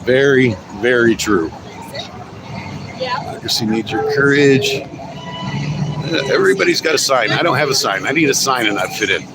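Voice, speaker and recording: Man, casual livestream chat, amused, outdoor street, phone mic, clear traffic noise. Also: mid-range voice, lively intonation, normal speed, pauses often. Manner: chatty, amused, friendly with strangers. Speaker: live streamer. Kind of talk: casual walking livestream commentary. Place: outdoors on a city street at a protest. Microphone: handheld phone. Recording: noisy street ambience and traffic.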